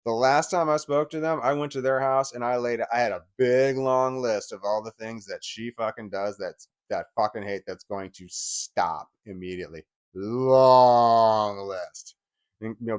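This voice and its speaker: A man's voice: mid-range voice, moderate pace, few pauses. A man in his forties giving an angry, profane personal rant, often stumbling and restarting his sentences. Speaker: vlogger.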